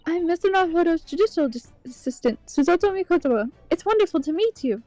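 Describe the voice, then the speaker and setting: A woman's voice: extremely high pitch, lively intonation, mellow, no room sound, soft background music, pitched above the performer's own voice, rough recording. A woman reading game dialogue aloud, voicing a polite, formal young female legal assistant. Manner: formal, courteous and measured.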